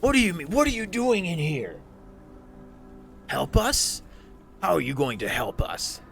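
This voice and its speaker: A man voicing a large, gruff male bugbear who shouts wary questions. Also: on the high side, huge pitch swings, measured pace, faint music behind, pitched above the performer's own voice, full character voice. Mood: suspicious.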